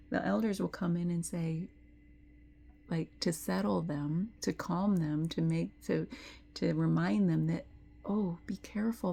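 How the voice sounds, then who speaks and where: Tearful, gravelly-voiced woman reading tarot. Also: fairly low pitch. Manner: tender, drifting into soft whispers when moved. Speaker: intuitive tarot reader. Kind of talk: emotional spiritual talk to camera.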